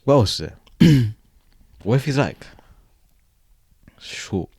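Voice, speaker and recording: A young man from East London with a London accent, co-hosting a casual podcast chat in a relaxed, joking, often quiet way. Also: mid-range voice, slow pace, gravelly, husky, no room sound. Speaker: podcast co-host.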